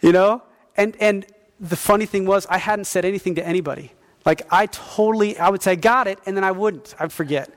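A middle-aged man preaching a sermon as pastor, telling stories with lively acted-out quotes. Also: high voice, a little fast. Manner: animated storytelling with acted-out quotes.

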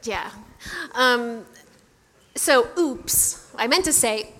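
A woman's voice: fairly high pitch, slow pace, pushed and bright. A woman pastor giving a conversational sermon, chatty and self-deprecating as she tells a story. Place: church sanctuary. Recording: echoey church hall.

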